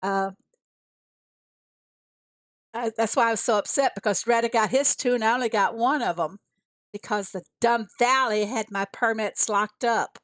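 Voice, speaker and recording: A woman from the USA gives chatty live-stream commentary on a mobile farming game, talking to herself and reading her viewers' chat aloud as she explains each move. Her voice is on the high side and fairly bright, moving at a moderate pace with long pauses, in a dry recording.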